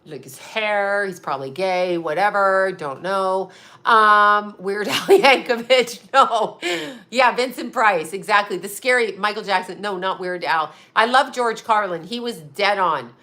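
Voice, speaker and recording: A woman's voice: mid-range voice, measured pace, sharp tone. A woman hosting a psychic livestream, chatting casually and bluntly with viewers, rambling and often laughing. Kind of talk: casual live chat reading viewer comments.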